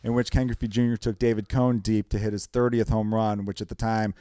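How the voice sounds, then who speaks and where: A man co-hosting a podcast in casual, joking chat, animated and quick to laugh. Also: lowish voice, clear, resonant tone, dry recording, studio quality. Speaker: podcast co-host.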